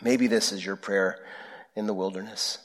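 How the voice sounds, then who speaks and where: In a lowish male voice, this pastor gives a sermon with fairly even intonation. He sounds prayerful and sincere, shaping each phrase slowly and with care.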